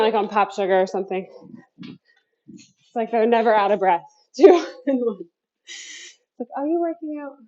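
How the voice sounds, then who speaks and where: A woman's voice: on the high side, darkish tone, highs cut off. A woman coaching a home workout class, counting down cues and chatting between sets while out of breath. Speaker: fitness instructor. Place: home basement.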